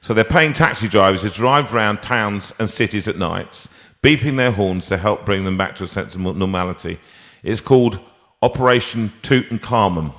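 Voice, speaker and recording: Jokey man with a bright voice. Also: lowish voice, moderate pace. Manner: jokey, rambling with restarts, tells puns. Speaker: singer and host. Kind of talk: casual live-stream chat and singing. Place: music room with a piano. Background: piano.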